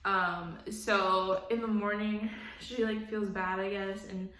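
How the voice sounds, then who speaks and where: A woman's voice: mid-range voice, fairly even intonation, slow pace, fairly bright tone, roomy sound, low-quality recording. A young woman recapping a reality show in casual, blunt, profane commentary, laughing often. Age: young adult.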